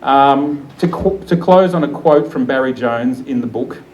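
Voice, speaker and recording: A man's voice: medium pitch, a little slow, darkish tone, a little hiss or hum, poor audio. Enthusiastic man giving a launch speech. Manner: enthusiastic, chatty, laughs often. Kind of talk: live speech to an audience. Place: event room with an audience.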